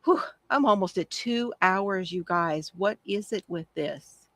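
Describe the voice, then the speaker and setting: A woman's voice: fairly low pitch, unhurried, fairly bright tone, no room sound. A woman hosting a casual crafting livestream, chatty and gushing as she answers viewer comments from home.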